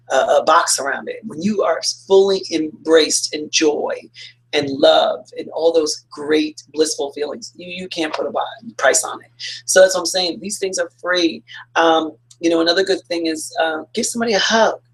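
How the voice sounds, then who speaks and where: A man's voice: high-pitched, vocal fry, fairly bright tone, husky, low-quality recording. A man who is a licensed counselor, giving earnest, upbeat advice in an informal motivational talk that rambles with fillers and restarts.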